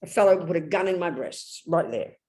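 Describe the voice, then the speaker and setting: An older English Buddhist nun gives a Dharma talk with blunt, lively energy, her pitch rising and dropping as she tells a story. She jumps fast from quiet asides to sudden loud outbursts, and her speech is direct and unpolished.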